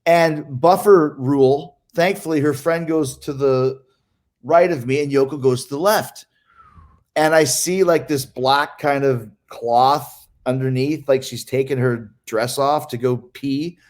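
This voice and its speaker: A man casually telling a story among friends on a podcast, animated and profane, laughing often and imitating the people he talks about. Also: medium pitch, unhurried. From Canada.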